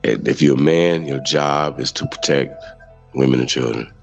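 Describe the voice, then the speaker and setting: Deep gravelly man. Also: moderate pace, faint music behind. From Mississippi. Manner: blunt, heated, rambling, profane. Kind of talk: casual livestream talk. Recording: dull lo-fi audio.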